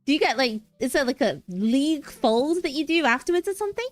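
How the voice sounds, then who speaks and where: A woman's voice: high-pitched, big pitch swings, brisk, dry recording, faint music behind. A young woman streamer chatting casually and playfully, rambling and giggling between thoughts. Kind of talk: casual livestream chat.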